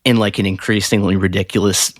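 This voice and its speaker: A man co-hosting a podcast in casual chat, animated and laughing often, with a Southern US accent. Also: fast talker, dry recording, studio quality. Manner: animated, laughs often, mimics lines in a higher voice. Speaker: podcast co-host.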